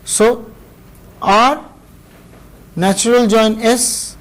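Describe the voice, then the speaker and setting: Indian guy lecturing, kinda high voice, slow and careful, pauses a lot between bits. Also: steady tone, rough recording. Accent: Indian English. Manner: measured, explanatory, pauses between phrases. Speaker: university lecturer. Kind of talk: recorded classroom lecture.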